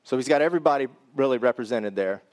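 A man's voice: mid-range voice, expressive, fast, a little mellow. A man preaching a sermon, reading scripture and then explaining it in a conversational way that speaks directly to the congregation.

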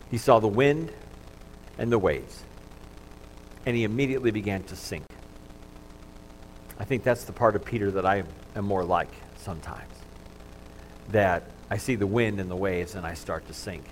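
A man preaching a sermon as pastor in a church, talking in a conversational, self-deprecating way and dropping to a soft hush at times. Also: mid-range voice, a little hiss or hum, poor audio. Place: church sanctuary with congregation.

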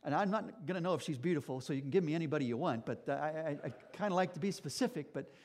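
A man's voice: on the high side, animated, very fast, a little mellow, in a large hall, lightly acted. A man playing an eager, pleading blind beggar. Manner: eager, rambling, self-correcting. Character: pleading blind male beggar, middle-aged.

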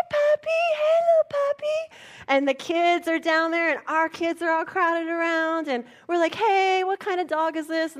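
A woman pastor giving a sermon, telling a personal story in an animated, playful way. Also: high-pitched.

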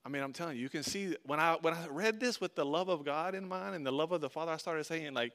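A man with a fairly high voice preaches a sermon. He reads scripture aloud and comments on it. His delivery swings between loud, emphatic lines and soft, hushed passages. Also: lively intonation, a little fast. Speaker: pastor.

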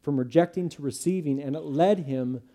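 A man's voice: fairly high pitch, moderate pace, mellow. A male pastor preaching a sermon, in an earnest, emphatic manner.

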